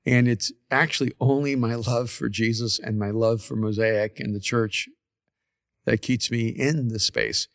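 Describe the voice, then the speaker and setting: An earnest, reflective man with a gravelly edge, speaking at a middling pitch. He chats as a pastor co-hosting a podcast and stumbles now and then over restarts. The sound is close and dry. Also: steady tone, unhurried, no room sound. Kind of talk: casual podcast conversation. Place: large church main room.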